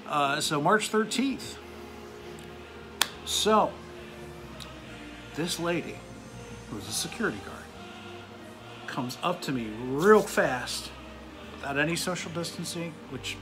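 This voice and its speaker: Angry man ranting to camera. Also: sits high. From United States. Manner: irate, profane, sarcastic. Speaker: vlogger.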